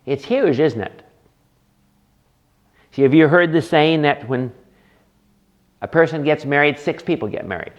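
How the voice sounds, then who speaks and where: A man's voice: a little high, animated, a little slow, long pauses. Man lecturing with rhetorical questions. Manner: asks the class rhetorical questions. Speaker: counseling instructor. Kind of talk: classroom lecture. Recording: dull lo-fi lecture recording.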